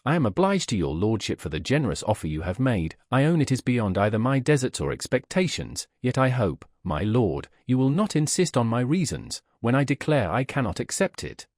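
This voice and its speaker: A proud, distressed young gentlewoman from a storybook reading, voiced by a man. She pleads earnestly, her lines rising and falling with feeling. The sound is dry and close. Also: medium pitch, big pitch swings, brisk, hardly any pauses, no echo. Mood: pleading.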